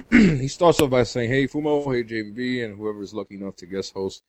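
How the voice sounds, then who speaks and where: A man co-hosting a gaming podcast, reading listener letters aloud in a casual, halting way with chuckles. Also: mid-range voice, a little mellow, dry recording. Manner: reads haltingly with restarts and chuckles.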